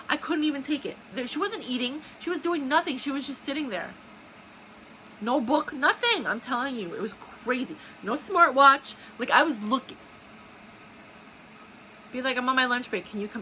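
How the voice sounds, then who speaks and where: A woman's voice: high-pitched, expressive, fairly quick, sharp tone, slight background noise, low-quality recording. A young woman telling a story in an angry, indignant monologue full of swearing. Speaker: video host. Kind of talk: casual ranting monologue.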